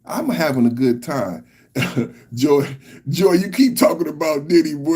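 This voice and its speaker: Guy on a podcast going off, husky voice, slow and drawn out, pitch all over the place. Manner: animated, laughing, incredulous. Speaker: podcast host. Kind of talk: casual commentary.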